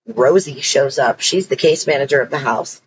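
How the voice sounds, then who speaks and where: A woman's voice: very deep voice, moderate pace, dull audio, slight background noise. A woman telling her own story in a casual, blunt and emphatic way, swearing freely.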